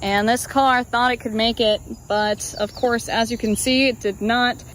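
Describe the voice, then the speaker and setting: A woman's voice: a little high, fairly even intonation, a little slow, a little hiss or hum. A young woman, a TV weather anchor and field reporter, explaining forecasts in an upbeat broadcast manner.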